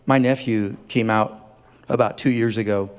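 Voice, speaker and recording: Earnest pastor preaching in a reverberant hall. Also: male voice, fairly low pitch, fairly even intonation, normal speed, smooth. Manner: earnest, tender, builds to fervent emphasis. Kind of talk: sermon.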